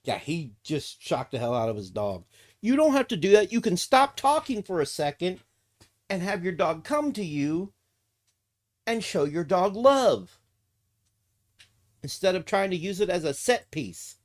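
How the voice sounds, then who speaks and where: Laid-back slow-talking male streamer. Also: high voice, sing-song. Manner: baby-talks to his dog, then rants with swearing. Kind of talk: casual live-stream chat.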